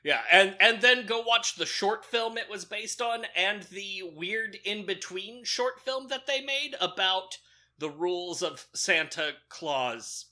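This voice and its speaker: A man's voice: high-pitched, animated, takes it slowly, pushed and bright. A man co-hosting a horror podcast, giving dry, jokey reactions and wrap-ups. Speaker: podcast co-host. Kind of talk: casual podcast chat.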